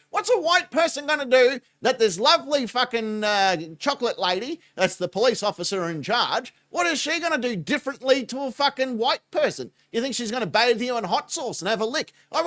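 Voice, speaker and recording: A man's voice: very high voice, pushed and bright. A man, giving crude, mocking reaction commentary and laughing often. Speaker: reaction channel host.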